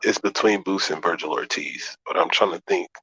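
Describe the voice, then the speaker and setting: A low-voiced man argues boxing in loose, profane, emphatic talk, breaking down how fighters switch stances. The recording sounds dull and lo-fi. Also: brisk, pushed and bright, slightly rough. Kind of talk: casual boxing debate.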